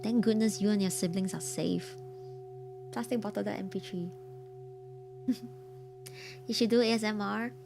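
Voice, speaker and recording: A woman streamer with a hoarse, croaky voice, chatting casually and reacting expressively to horror stories, quick to laugh and repeating her exclamations. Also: mid-range voice, fairly even intonation, noisy background. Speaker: streamer hosting a story night. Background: soft ambient music.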